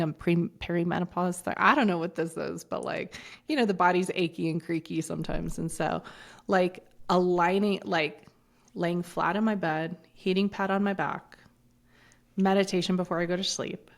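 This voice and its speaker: A woman in her forties with a low, gravelly voice, talking in a loose, unfiltered way. She curses offhandedly and drifts into side stories as she chats on a podcast. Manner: blunt, swears freely, rambling asides. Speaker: podcast guest. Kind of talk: casual chat.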